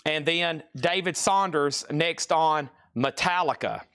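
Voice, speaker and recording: A man runs a live-stream sale, moving briskly from item to item and reading out bids. His voice sits a little high for a man, and his patter stays chatty and playful. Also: fairly bright tone, clean tone. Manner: quick, playful sales patter, hums riffs and reads out bids. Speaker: auctioneer host of a live record sale.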